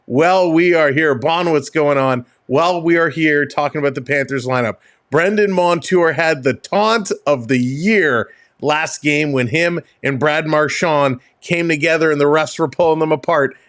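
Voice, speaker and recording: A man hosts a live hockey stream with energetic, joking patter. He runs through the lineups casually, his voice pitched slightly higher than most men's. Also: normal speed. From Canada. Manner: energetic, jokey, breaks into laughing fits.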